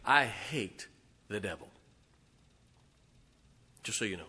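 A middle-aged man, a pastor, preaching a fervent sermon. He swings from booming declarations to hushed, intimate asides. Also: unhurried. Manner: impassioned, emphatic preaching with repeated phrases.

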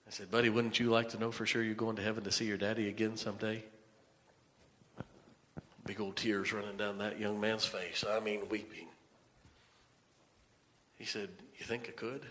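A man's voice: fairly low pitch, flat delivery, moderate pace, pauses often, a bit bright, long reverb tail, a little hiss or hum. A male pastor preaching a sermon, telling a story and then urging the congregation. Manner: storytelling preacher, rises to emphatic exhortation. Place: church sanctuary.

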